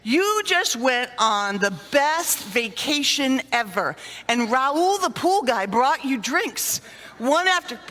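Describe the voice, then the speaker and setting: A middle-aged woman speaking to a conference audience, telling lively stories and acting out sighs and little scenes. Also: high-pitched, takes it slowly. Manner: animated storyteller, acts out sighs and little scenes. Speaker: conference speaker on dementia care. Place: conference hall. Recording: long reverb of a hall.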